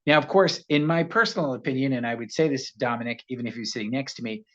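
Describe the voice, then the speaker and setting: An American man, an actor, telling animated anecdotes as a guest, slipping into voices as he goes. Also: mid-range voice, racing, lo-fi sound. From United States. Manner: animated storyteller, slips into voices. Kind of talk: casual interview anecdote.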